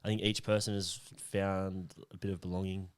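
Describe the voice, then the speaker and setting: A deep, low-pitched Australian man co-hosting a podcast in casual chat. He talks in a laid-back, rambling way, with plenty of ums and easy pauses. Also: little pitch movement, clean tone. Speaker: podcast co-host.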